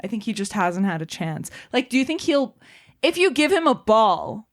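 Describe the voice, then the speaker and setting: A woman co-hosting a casual film chat, enthusiastic and quick to laugh. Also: a little high, sing-song. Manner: enthusiastic, laughs often, quips. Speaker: podcast co-host.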